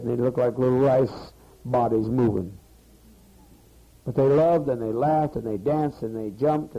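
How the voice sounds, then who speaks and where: A man's voice: mid-range voice, warm tone. A man leading a community meeting, giving a rambling, profane, scolding speech to the people gathered there, heard on a muffled archival tape. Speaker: leader addressing a community meeting.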